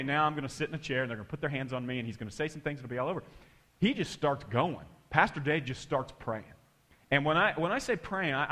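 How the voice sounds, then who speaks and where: A man preaching a sermon through an animated, emphatic personal story. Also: on the high side. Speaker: pastor.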